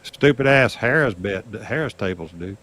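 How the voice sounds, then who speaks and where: Older man spinning an animated casino yarn. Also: normal speed. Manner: animated, acts out dialogue with raised pitch. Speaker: guest storyteller on craps livestream. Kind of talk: casual storytelling chat.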